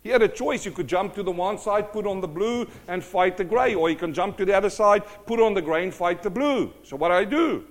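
A middle-aged man preaching a sermon, telling stories with lively acted-out voices. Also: sits high, a little fast, hardly any pauses. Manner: animated storytelling, acts out quoted voices.

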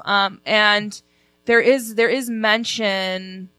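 A woman's voice: mid-range voice, a little slow, bright, forceful tone, dry recording. A woman in a casual book discussion, talking hesitantly with many fillers and restarts. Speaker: book club member.

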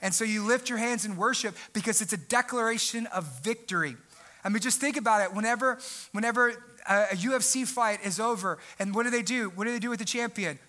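A man's voice: high voice, a little fast. A man in his thirties preaching a sermon as pastor in a church sanctuary, building to fervent prayer while a band plays. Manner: preaching over live worship music, rising to fervent prayer. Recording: loud live band music behind voice. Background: band playing.

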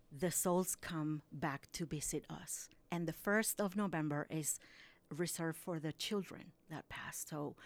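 A woman from Mexico, a guest on a radio show, talking in a heartfelt way with small restarts. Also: deep voice. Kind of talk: casual radio conversation.

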